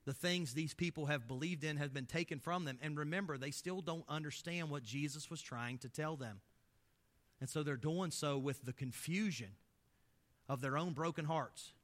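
Impassioned pastor, bright and tense. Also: male voice, fairly high pitch, normal speed. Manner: impassioned, full of rhetorical questions, swelling and dropping in loudness. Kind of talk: sermon.

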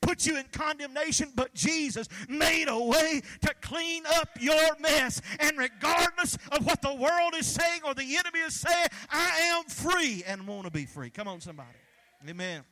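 A male pastor preaching with a very high, bright voice. He drives a fervent sermon with call-and-response and shouts at the peaks, and his tone stays forceful and sharp throughout. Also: expressive, normal speed.

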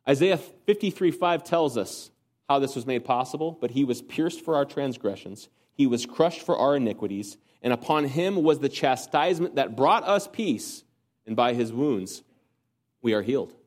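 A man preaching a sermon, earnest, asking rhetorical questions and swinging from emphatic peaks to quiet low passages. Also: lively intonation, moderate pace. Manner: asks the congregation rhetorical questions.

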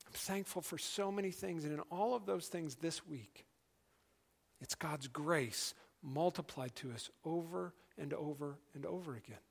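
A middle-aged male pastor preaching a sermon in an earnest, conversational way, dropping to quiet emphasis. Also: on the high side, measured pace, vocal fry, husky.

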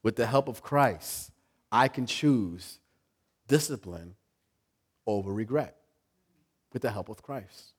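A man preaching a sermon, animated, acting out inner voices with sudden loud high bursts, repeating words and laughing with the congregation. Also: slow pace, long pauses, husky. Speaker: pastor.

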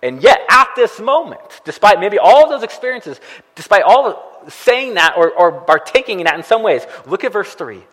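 A man's voice: high-pitched, sing-song, moderate pace, fairly bright tone, in a large hall, rough recording. A man preaching a sermon as a pastor, talking conversationally and asking the listeners frequent rhetorical questions.

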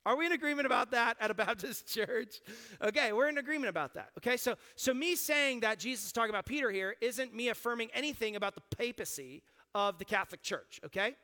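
A man's voice: very high voice, lively intonation, fast, bright, forceful tone, big-room sound. A man preaching a Sunday sermon as pastor, explaining the passage in a conversational way and checking in with the congregation. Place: church sanctuary.

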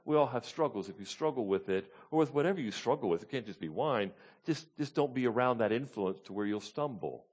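A man, preaching an informal sermon to his congregation. His voice sits at an ordinary middle pitch. He teaches verse by verse and keeps asking "Okay?" and "Amen?" to check the room is with him. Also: lively intonation, fairly quick, few pauses, darkish tone, slightly rough. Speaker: pastor. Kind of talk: conversational sermon, Bible teaching.

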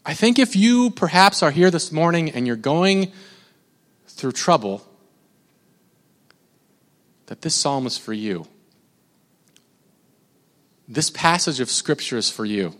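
A man's voice: on the high side, sing-song, slow pace, pauses often, fairly bright tone. A man preaching a sermon as a pastor, talking in a loose, conversational way with frequent restarts. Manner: conversational and rambling, with many restarts. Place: church sanctuary. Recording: long reverb of a large church hall.

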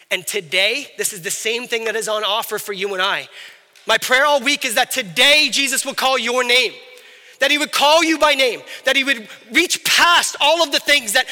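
A man preaches with a very high, piercing voice and loose, chatty phrasing, slipping into the voices of the people in his story. His sermon rings out with a long reverb from a large hall. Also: bright, forceful tone. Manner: conversational, acts out biblical characters. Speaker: pastor.

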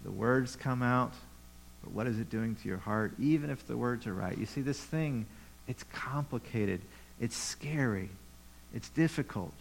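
A man's voice: medium pitch, a little slow, vocal fry, slight background noise, rough recording. Male pastor, mid-range voice, conversational sermon with repeated rhetorical questions. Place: church.

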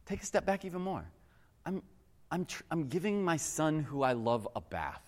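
A man preaching a sermon. He tells a personal story in an earnest, animated way and keeps addressing the crowd as guys. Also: on the high side, normal speed. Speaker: pastor. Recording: long reverb of a large hall.

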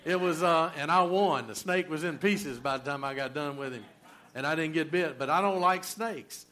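A man's voice: a little high, moderate pace, sharp tone. A middle-aged man preaching a sermon in a folksy, conversational way, full of rhetorical questions. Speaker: pastor.

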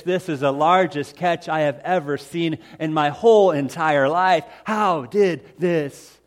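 A man with a slightly high voice preaches a gospel story in the first person, as if he lived it himself. He builds to loud, excited calls, then drops to a hushed, slow confession.

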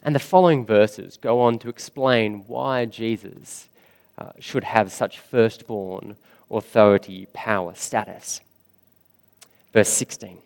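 A man preaching a sermon in a church, slow and emphatic, with dramatic rises and quiet drops. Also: fairly low pitch, fairly even intonation, vocal fry. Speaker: pastor.

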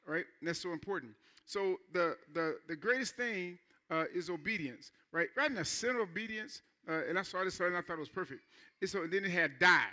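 High, bright-toned conversational preacher man. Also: expressive, fairly quick. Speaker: pastor. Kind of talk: sermon.

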